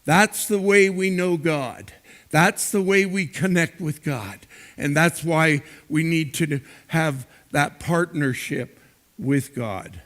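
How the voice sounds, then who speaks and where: Slow, high-voiced male preacher. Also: fairly bright tone. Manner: slow, emphatic preaching with repeated words. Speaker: pastor. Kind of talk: sermon.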